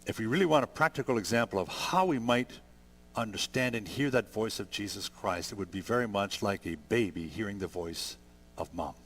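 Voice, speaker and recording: A man in his sixties preaching a sermon, conversational and gentle, building to emphatic peaks. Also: on the low side, brisk. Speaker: pastor.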